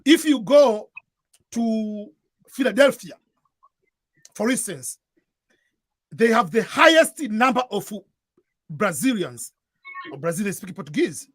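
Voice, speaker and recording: A man's voice: sits high, sing-song, a little slow, pauses often, slightly rough, no room sound. A man from East Africa with an East African accent, giving earnest advice in a casual chat and often repeating and restarting his phrases. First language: Swahili. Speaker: guest giving advice to newcomers.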